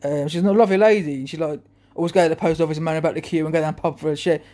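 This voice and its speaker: A man's voice: on the high side, fairly even intonation, very fast, warm tone. A man talking to camera in a rambling, chuckling monologue full of restarts. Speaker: vlogger.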